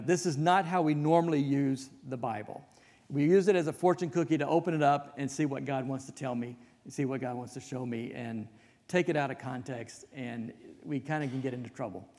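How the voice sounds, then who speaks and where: A man's voice: on the high side, darkish tone. A male pastor giving a conversational sermon, telling folksy stories with self-deprecating asides. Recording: long reverb of a hall.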